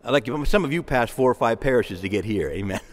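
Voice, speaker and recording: A man's voice: mid-range voice, lively intonation, fairly quick, slight background noise. A man preaching a sermon as a parish priest, conversational, with asides and repeated words. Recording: long church reverb.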